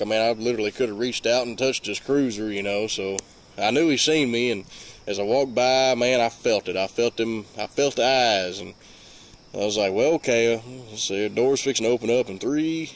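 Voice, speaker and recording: A man with a Mississippi Southern accent telling a long story in a rambling, folksy way with lots of fillers. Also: mid-range voice. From Mississippi, USA. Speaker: vlogger. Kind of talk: casual storytelling.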